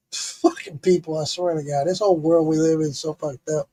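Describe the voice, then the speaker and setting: A man's voice: on the high side, a little fast. A middle-aged man streaming live, telling a story in a casual, profane way, laughing often. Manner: profane, laughing, animated retelling.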